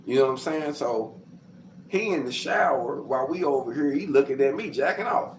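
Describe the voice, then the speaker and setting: A man from Arkansas, casually telling his life story to camera, acting out quotes and sound effects and getting loud as he goes. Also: mid-range voice, animated, moderate pace. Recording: roomy with faint background noise.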